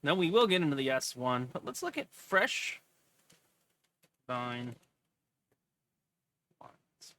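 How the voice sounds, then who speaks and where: A man's voice: mid-range voice, very animated, takes it slowly, long pauses, bright, forceful tone. A man hosting a casual stock video, chatting and reading a filing aloud with jokes. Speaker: host.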